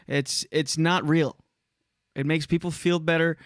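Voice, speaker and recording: Guy cohost bickering on a podcast, blunt and sarcastic, kinda high voice, dead dry mic. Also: steady tone, unhurried, no echo. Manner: blunt, sarcastic, talks over his partner. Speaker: podcast co-host. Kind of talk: casual arguing chat.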